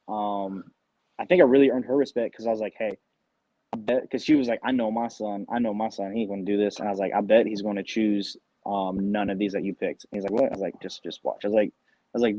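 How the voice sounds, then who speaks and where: A man in casual podcast chat, talking fast and loose and swearing casually. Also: lowish voice, dark tone, no room sound, lo-fi sound. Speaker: podcast co-host, Marine recruiter.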